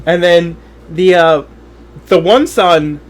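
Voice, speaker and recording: A man's voice: fairly high pitch, slow pace. A man co-hosting a comedy podcast, rambling and giggling in casual chat. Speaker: podcast co-host.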